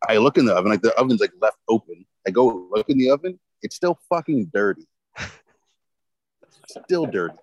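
A man's voice: on the low side, animated, normal speed, no room sound, low-quality recording. Swearing man telling a rambling story. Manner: rambling, heavy swearing, lots of fillers. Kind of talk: casual storytelling chat.

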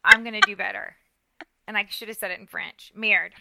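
A middle-aged woman co-hosting a podcast, telling a story in a self-mocking, animated way with lots of restarts and asides. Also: medium pitch, brisk, creaky, very noisy. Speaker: podcast co-host. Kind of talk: casual storytelling chat.

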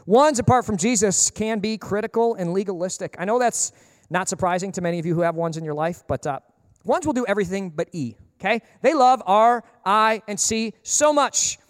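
High-voiced animated male pastor preaching. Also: clean studio sound. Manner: animated, emphatic, humorous, acts out people in quick asides. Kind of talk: sermon. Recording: long reverb of a large hall.

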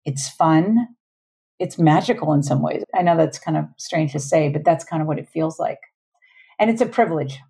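Low-voiced woman guest, mellow tone. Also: moderate pace, gravelly, breathy edge. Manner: warm, earnest, laughs often. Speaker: podcast guest, parenting coach. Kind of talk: casual interview talk.

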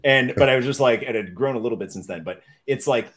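A man with a deep, radio-like voice, a French speaker, rambling through stories as a podcast guest. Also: quick pace, a bit bright. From Canada. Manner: rambling, self-deprecating storyteller with many fillers. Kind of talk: casual chat.

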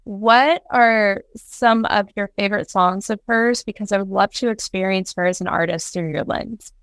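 Upbeat woman host asking questions, smooth clear voice, dry sound. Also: medium pitch, moderate pace, a bit bright, no echo. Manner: enthusiastic, encouraging. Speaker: podcast host. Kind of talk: interview questions.

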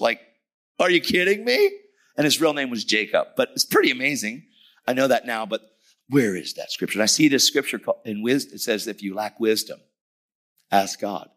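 A middle-aged man preaching a lively sermon, telling stories animatedly and shouting at the peaks. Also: lowish voice.

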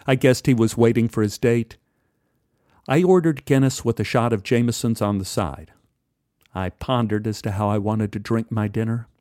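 A man narrates a personal story in a measured, wry way at an everyday pitch. His voice sits close to the mic with a dry sound and no room echo. The pacing is steady and conversational. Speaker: storyteller, podcast host.

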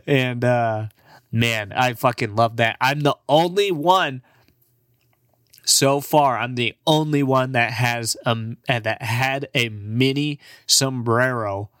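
A young man in his twenties talking in an unhurried, drawn-out way, a comedian rambling in a loose, profane monologue that often breaks into laughter. His voice sits at an ordinary middle pitch and sounds close and dry, with no room around it. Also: fairly bright tone, clear, resonant tone, dry recording.

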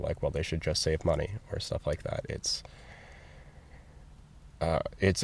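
In a very deep, slightly mellow voice, a young store cashier answers interview questions. His speech is candid and halting, earnest, and sometimes emotional.

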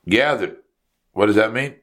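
A man's voice: on the low side, animated, normal speed, a bit bright. A man teaching a Torah class to his congregation, asking rhetorical questions and mixing in Hebrew and Yiddish terms.

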